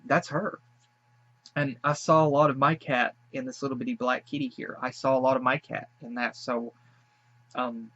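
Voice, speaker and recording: A man records a casual reaction video, his voice sitting at an ordinary middle pitch. He sounds teary and earnest, piling on thanks and gushing praise. The recording is a little dull and muffled. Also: a bit bright, no room sound. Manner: emotional, gushing, repeats thanks, tearful after crying. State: teary after crying.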